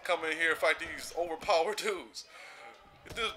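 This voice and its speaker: A young man giving casual gameplay commentary, excitable and trash-talking, often laughing. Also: on the high side, normal speed. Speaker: gaming channel host.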